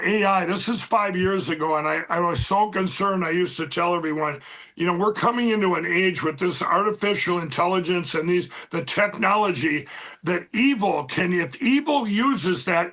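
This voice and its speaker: Man, high voice, bright, hesitant with lots of ums, insistent political talk. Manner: halting, many fillers and restarts; emphatic, insistent. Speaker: guest.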